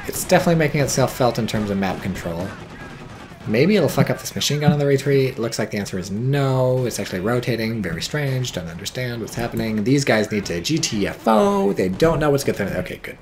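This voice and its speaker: A man's voice: medium pitch, a little hiss or hum. A man giving casual live-stream commentary on a strategy game, wry and offhand, swearing now and then.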